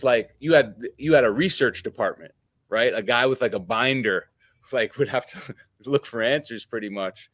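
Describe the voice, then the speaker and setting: A man's voice: medium pitch, fairly bright tone, no room sound. A man in his thirties, a podcast guest, telling a long casual story full of fillers and acted-out quotes. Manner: rambling, lots of fillers and quoted dialogue.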